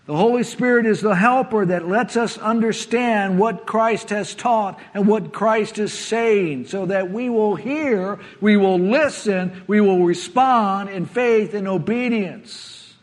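A man preaching a sermon, earnest, often letting his voice sink to a hush before rising again. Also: high voice, takes it slowly. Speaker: pastor. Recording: long hall reverb.

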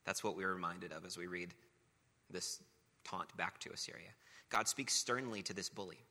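A man's voice: deep voice, normal speed, sharp tone. A man preaching a sermon, talking casually between passages of scripture that he reads aloud with emphasis. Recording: long reverb of a large hall.

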